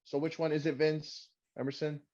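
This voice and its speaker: A man's voice: on the high side, level tone, normal speed, darkish tone. A man co-hosting a casual podcast, rambling and sarcastic, cursing freely. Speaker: podcast co-host. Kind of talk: casual wrestling recap chat. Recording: dull lo-fi sound.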